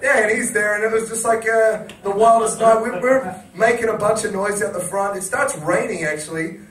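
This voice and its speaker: A man's voice: high-pitched, normal speed, echoey room, far from the mic, slight background noise, poor audio. A man on a chat show, telling a story casually, laughing and acting out quotes. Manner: animated, laughing, acts out quotes. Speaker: wrestling chat show guest.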